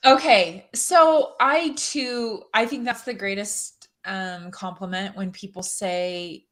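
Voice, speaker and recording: A woman speaking as a guest on a podcast in an open, chatty way. Her pitch sits at an ordinary middle height for a woman. She laughs easily and often restarts her sentences as her thoughts come. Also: slow, fairly bright tone. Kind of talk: casual podcast chat.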